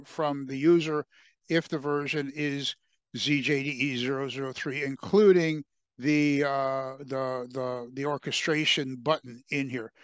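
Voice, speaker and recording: A man walks through a software demo over a webcast, often stopping to restart his phrases and fill gaps with small hesitations. His voice is smooth and clear, sits a little high for a man, and the recording is close and dry with no room around it. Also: no room sound. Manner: halting, many fillers and restarts. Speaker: software presenter. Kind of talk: webcast screen-share demo.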